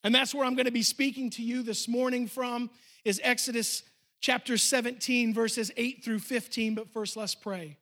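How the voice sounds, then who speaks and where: A man's voice: very high-pitched, steady tone, normal speed, fairly bright tone. A man preaching a sermon as pastor, telling a story and speaking directly to the congregation. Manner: storytelling, emphatic, addressing the congregation. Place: church.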